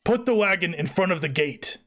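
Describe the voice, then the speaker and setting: A man's voice: high-pitched, lively intonation, brisk, fairly bright tone. Man doing a barking orc wall guard. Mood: threatening. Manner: barking, threatening orders. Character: gruff male orc guard on a fort wall.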